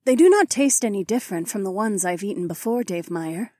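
A blunt saber-toothed cat-woman talks in a high, soft voice, as a man puts her on. Her speech is formal and stiff, a storybook creature voiced by the narrator. The sound is dry and close. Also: expressive, a little fast, no room sound. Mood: plain. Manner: formal, speaks without contractions. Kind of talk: audiobook character voice.

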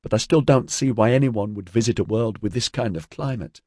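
A man's voice: lowish voice, fairly quick, mellow, dry recording, studio quality, voice pushed up, close to an everyday voice. A man voicing a cold, exhausted young boy who speaks plaintively. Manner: plaintive, wretched.

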